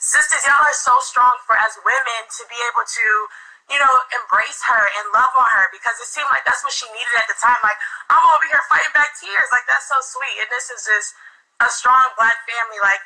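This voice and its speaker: A young woman caller on a live stream, talking casually and effusively, piling on praise. Her voice is very bright and slightly high. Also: brisk, low-quality recording. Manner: gushing and effusive, full of 'like'.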